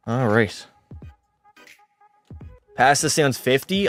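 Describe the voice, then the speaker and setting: A man's voice: medium pitch, takes it slowly, pauses often, faint music behind. A man streaming a hockey video game live, calling plays like a commentator and bantering and swearing with his chat. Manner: excitable play-by-play calls, swears and banters with chat.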